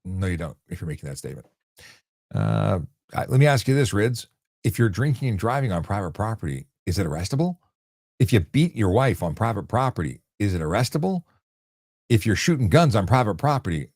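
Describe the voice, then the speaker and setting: A man's voice: fairly low pitch, very animated, brisk, darkish tone, dry recording, clean studio sound. A man hosting a casual live question-and-answer stream about traffic law, talking bluntly and conversationally with frequent restarts. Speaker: host answering viewer questions.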